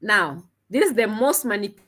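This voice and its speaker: This commentary vlogger reacts to a clip on a desk camera mic, sounding indignant and mocking with occasional laughter. Her voice sits at medium pitch, a bit bright, and she talks fast and animatedly.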